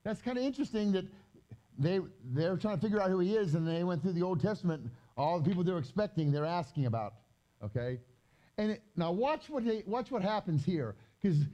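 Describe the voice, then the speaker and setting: A man giving a conversational Bible teaching with slides, reading scripture slowly and explaining it in loose, chatty asides. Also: sits high, big pitch swings, mellow, dull audio. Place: gathering hall during a live-streamed event.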